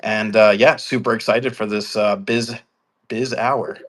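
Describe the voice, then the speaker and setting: A man's voice: on the low side, steady tone, measured pace, a loud crowd. A male guest speaking fluently and upbeat, introducing himself and his work. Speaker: guest, security specialist. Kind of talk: guest chat.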